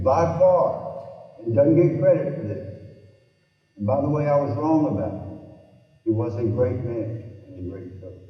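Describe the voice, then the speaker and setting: Older Southern man in an echoing hall. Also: on the high side. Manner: storytelling, emphatic, drops to quiet intensity. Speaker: guest speaker. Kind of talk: motivational speech. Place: large hall. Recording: echoey hall, distant, dull sound.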